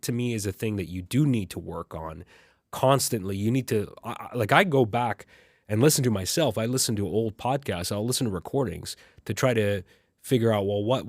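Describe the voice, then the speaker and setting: A man's voice: fairly low pitch, no echo, studio quality. A man co-hosting a casual podcast chat, asking earnest questions and restarting his sentences often. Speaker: podcast co-host.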